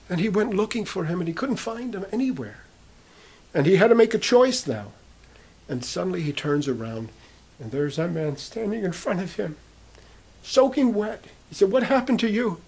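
A man's voice: high voice, darkish tone, breathy edge. A man preaching, retelling a prisoner's conversion story and quoting the people in it. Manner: retells a testimony, quoting speakers in turn. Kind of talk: sermon storytelling.

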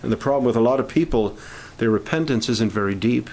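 Leading a camp prayer meeting, a man preaches in an informal, halting style, restarting often as his fervor builds. His medium-pitched voice has a darkish tone, and the recording is rough.

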